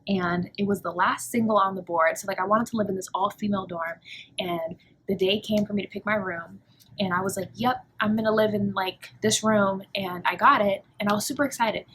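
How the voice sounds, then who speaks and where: A woman's voice: medium pitch, fairly even intonation, fairly quick, fairly bright tone, slight background noise, rough recording. A young woman in her twenties speaks to camera in a casual confessional vlog, filming in her dorm room. Her delivery is candid and emotional, peppered with "like" and "um". Her voice sits in a middle register. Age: 20s. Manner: candid, emotional, lots of fillers like "like" and "um". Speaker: college student vlogger.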